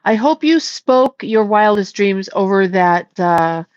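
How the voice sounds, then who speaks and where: A woman's voice: medium pitch, lively intonation, slow, a little mellow, no echo, dull audio. A woman hosting a casual livestream, rambling and joking with viewers, swearing freely. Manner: profane, rambling, jokey. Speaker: livestream host.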